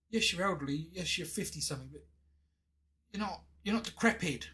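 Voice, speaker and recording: A man's voice: on the high side, brisk, bright, forceful tone, a little hiss or hum, rough recording. An English man in his thirties, a game streamer telling a story in a chatty, indignant way with many restarts. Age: 30s. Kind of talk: casual storytelling while gaming.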